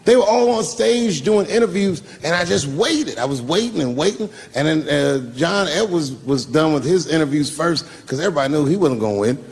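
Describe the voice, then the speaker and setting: A man telling a profane, animated stand-up story and acting out the people in it. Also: a little high, a little fast, hardly any pauses, long reverb tail. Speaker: stand-up comedian.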